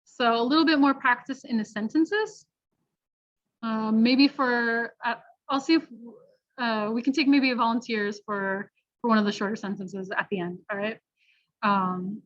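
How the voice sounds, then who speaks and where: A woman teaching pronunciation, modeling words slowly and repeating each one clearly. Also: a little high, fairly even intonation, a bit bright. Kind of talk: slow, clear pronunciation lesson. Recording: dull lo-fi online class audio.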